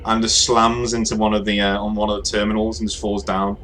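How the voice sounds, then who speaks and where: A man narrating a tabletop role-playing game as game master, halting and full of fillers. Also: fairly low pitch, flat delivery, fairly bright tone.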